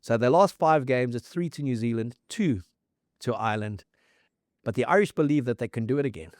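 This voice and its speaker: A man's voice: mid-range voice, brisk, darkish tone. A man hosts a casual rugby chat, speaking in a mid-range voice as he tells the history at length and reels off scores and dates. The sound is dry and close to the mic, with no room echo. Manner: fact-heavy storyteller, reels off scores and dates. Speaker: rugby podcast host.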